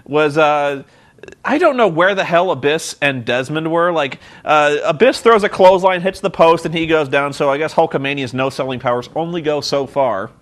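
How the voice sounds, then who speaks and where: A man's voice: on the high side, normal speed. A man giving a casual, sarcastic wrestling recap, swearing freely and acting out scenes. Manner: excitable, profane, sarcastic, acts out scenes. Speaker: vlogger reviewing wrestling. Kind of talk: casual commentary.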